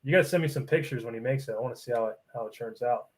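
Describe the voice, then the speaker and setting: A man's voice: mid-range voice, rapid-fire. A man, a guest on a casual podcast, telling a rambling story and acting mock-offended, swearing a lot. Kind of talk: casual banter.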